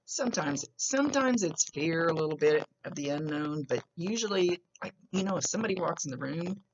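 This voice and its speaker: This psychic medium's voice sits low, with lively intonation and a brisk pace, as she gives a client a casual, rambling reading full of stops and restarts. She has a smoker's cough, and the dull lo-fi recording carries a little hiss or hum.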